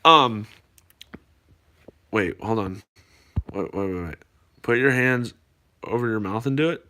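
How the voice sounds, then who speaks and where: A man's voice: fairly low pitch, animated, unhurried, sharp tone. A middle-aged man chatting casually to viewers in a playful, rambling way, his voice slightly cracked from a cough. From United States. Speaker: vlogger. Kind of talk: casual chat to camera.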